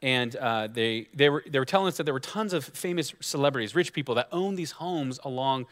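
A man in his thirties delivers a sermon at an average pitch. He talks to the congregation like a friend, asking rhetorical questions and dropping wry asides before landing each point. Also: lively intonation, brisk, a bit bright. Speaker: guest pastor.

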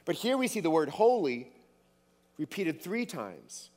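A man's voice: fairly high pitch, sing-song, unhurried, a little mellow, long reverb tail. A man preaching a sermon, emphatic, repeating words for stress.

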